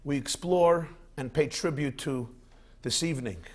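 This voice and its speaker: A man's voice: a little high, unhurried. A man, a rabbi, giving a lecture and telling anecdotes expressively. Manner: expressive storyteller.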